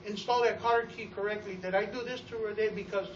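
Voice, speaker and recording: A man giving an energetic testimonial to a live audience about running his store, telling stories with acted-out quotes and often repeating words. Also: high voice, fast, a little hiss or hum. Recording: roomy, distant, dull sound.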